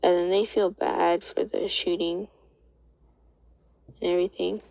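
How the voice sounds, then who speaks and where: A woman talks her way through a made-up story in an easygoing, rambling ramble, tripping over her words and restarting often. Her voice is on the low side with plenty of gravelly fry, and the sound is close and dry with no room around it. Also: level tone, unhurried, darkish tone, no room sound, rough recording. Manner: rambling, stammering, full of "and then" and "like". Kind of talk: casual spoken retelling of a fan story.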